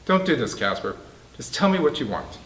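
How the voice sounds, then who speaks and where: A man's voice: fairly high pitch, very animated, a little fast, fairly bright tone. Man reading determined man, tight firm voice, holding in anger, distant, roomy. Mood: tense.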